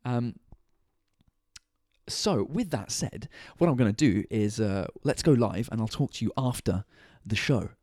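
A man's voice: mid-range voice, lively intonation, measured pace, a little mellow, dry recording, studio quality. A tired man, hosting his own podcast and livestream from his kitchen, rambling casually and swearing freely. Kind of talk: casual chat. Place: home kitchen at night.

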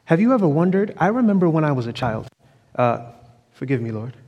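A man's voice: fairly high pitch, very animated, a little fast, dull audio. Fervent male preacher in a reverberant sanctuary. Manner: fervent, sweeping rises and drops in loudness. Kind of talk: evening sermon. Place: church sanctuary with pews. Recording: long church reverb.

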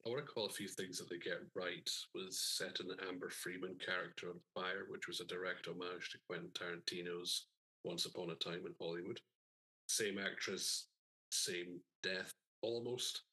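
A man's voice: low voice, flat delivery, moderate pace, sharp tone, breathy edge, low-quality recording. A man co-hosting a film podcast in casual chat, with dry, wry asides. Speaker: podcast co-host.

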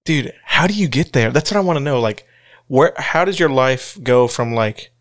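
A man's voice: medium pitch, expressive, moderate pace. A man co-hosting a podcast, laughing and asking riffing questions in casual chat. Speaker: podcast co-host.

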